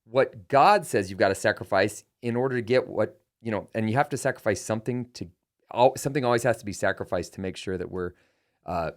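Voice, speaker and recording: A man's voice: on the low side, fairly quick. A middle-aged man hosting a podcast, telling a personal story and acting out quoted dialogue. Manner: animated, acts out quoted dialogue. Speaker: podcast host. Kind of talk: conversational storytelling.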